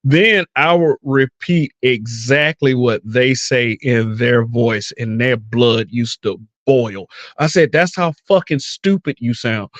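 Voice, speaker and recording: A man's voice: mid-range voice, takes it slowly, hardly any pauses, no echo. Blunt, profane man hosting a podcast. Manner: blunt, profane, mimics voices. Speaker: podcast host. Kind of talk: casual podcast chat.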